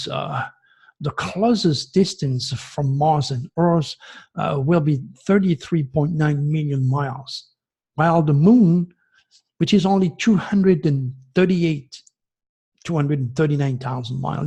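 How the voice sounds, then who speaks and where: A man in his sixties from France, giving an agitated, preachy monologue that swings from loud outbursts to hushed asides. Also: fairly high pitch, measured pace, gravelly, breathy edge. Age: 60s. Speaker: astrologer host. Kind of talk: impassioned monologue.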